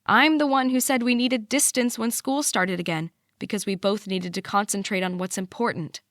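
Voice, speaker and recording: A woman's voice: medium pitch, steady tone, fairly bright tone, no echo. Woman narrating an audiobook, dry sound. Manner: measured, emotive storytelling. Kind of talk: scripted first-person narration.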